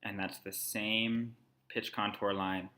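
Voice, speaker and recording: A man narrating a screen-recorded tutorial, explaining calmly and step by step. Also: fairly low pitch, slow. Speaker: language instructor.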